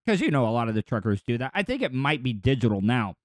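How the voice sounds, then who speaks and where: A man's voice: mid-range voice, expressive, fast talker, hardly any pauses, no echo, studio quality. A man hosting a podcast, riffing in rambling, crude jokes over news clips. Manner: rambling, crude joking asides. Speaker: podcast host. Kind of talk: casual comedic commentary over news clips.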